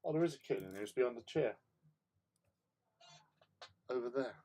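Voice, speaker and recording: A man hosts a relaxed hobby livestream, chatting along in a rambling, self-mocking way. His voice sits at a middling pitch but swings widely and animatedly. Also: brisk. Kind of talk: casual chat.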